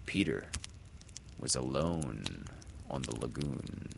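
A man reading a children's story aloud, swelling loud and dropping to hushes with the action. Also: very deep voice, lively intonation, slow pace, creaky, background noise. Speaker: narrator.

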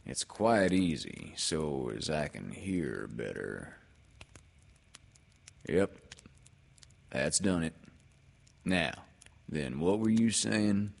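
A man voicing a gloomy old male donkey in a storybook reading, talking in a slow, mournful, drawn-out deadpan. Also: rumbling low, vocal fry, full character voice.

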